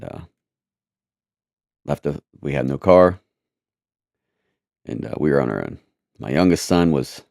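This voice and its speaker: A man telling a personal testimony in a halting, repetitive, earnest way. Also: rumbling low, gravelly, a little mellow, dry recording, clean studio sound.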